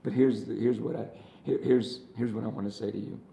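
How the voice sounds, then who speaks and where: A man's voice: fairly low pitch, fairly even intonation, a little fast, vocal fry, mellow, slight background noise. A male pastor giving a sermon with an earnest preaching style, full of repeated phrases and rhetorical questions. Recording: roomy echo of a large room.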